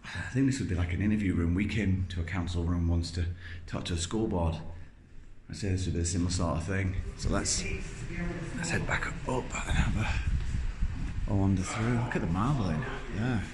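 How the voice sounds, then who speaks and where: Touring a big, empty indoor building on camera, a vlogger in his thirties gives casual, self-mocking commentary with a wry edge. His voice sits low, he talks at normal speed, and the background is noisy.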